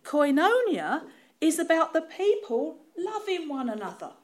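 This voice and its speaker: A woman with a Cockney accent gives a relaxed, conversational sermon. Her voice sits high and swings widely in pitch, and she laughs often and pokes fun at herself between points. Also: measured pace. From East End of London. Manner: lively, laughing, self-deprecating storytelling. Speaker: preacher. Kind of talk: informal sermon.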